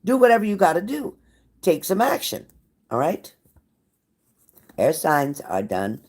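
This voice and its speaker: A woman's voice: deep voice, wildly swooping pitch, measured pace, a little mellow, breathy edge. A woman giving a live tarot reading to viewers, blunt and profane, with a pep-talk delivery that repeats phrases for emphasis. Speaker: tarot reader.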